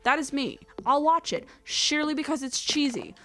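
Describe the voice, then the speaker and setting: A woman's voice: high-pitched, lively intonation, moderate pace, bright, forceful tone. A young woman hosting a let's play, rambling casually as she plays, counting aloud and drifting into whispered asides. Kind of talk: casual gameplay commentary.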